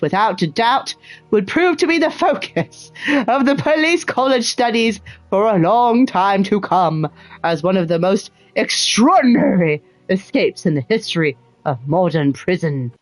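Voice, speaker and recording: A woman streamer reading a detective game's text aloud, her pitch swinging widely as she dramatizes it, then cutting in with sarcastic, profane asides. Her voice is dry and close, with faint music behind her. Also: no echo. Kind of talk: gameplay commentary, reading game text aloud.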